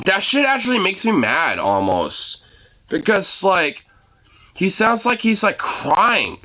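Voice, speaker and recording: A man's voice: on the high side, big pitch swings, normal speed, sharp tone. A man ranting casually late at night, swearing often and rambling with lots of fillers. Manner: profane, rambling, filler-heavy; scolding his dog, exasperated. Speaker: vlogger.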